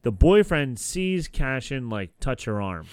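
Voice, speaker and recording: A man's voice: medium pitch, big pitch swings, a little slow, smooth, no room sound. A man casually recapping a TV episode on a podcast, rambling with lots of fillers and restarts. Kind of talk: casual chat.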